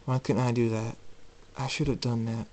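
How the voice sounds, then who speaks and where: A man voicing a remorseful young male brother figure, quiet and apologetic. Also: mid-range voice, little pitch movement, normal speed, a little hiss or hum, close to an everyday voice.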